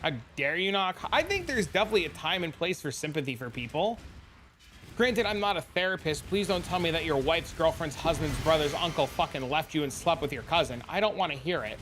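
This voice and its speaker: A man's voice: on the high side, expressive, fairly quick, a bit bright, soft background music. A man streaming a video game, talking to chat in a blunt, profane, heated rant. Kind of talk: casual live stream rant.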